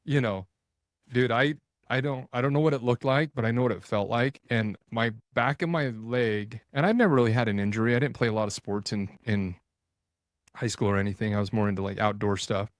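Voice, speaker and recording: In a dry, studio-quality recording, a man in his forties appears as a podcast guest and tells a story in a lively, casual way. He speaks briskly at a medium pitch, full of restarts and quoted thoughts.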